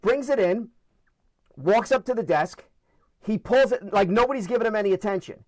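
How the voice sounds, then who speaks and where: A man with a New York accent tells funny stories, acting out the voices as he goes. His voice sits high for a man. The sound is dry and close, with no room around it. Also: moderate pace, dry recording. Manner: animated, acts out voices in anecdotes. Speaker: guest storyteller. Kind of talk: casual storytelling.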